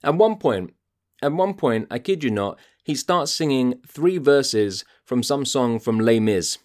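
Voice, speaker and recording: A man hosts a podcast, venting in a fired-up, profane monologue. His voice sits at an ordinary middle pitch. His tone is exasperated and blunt throughout. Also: animated, unhurried, darkish tone. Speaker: podcast host.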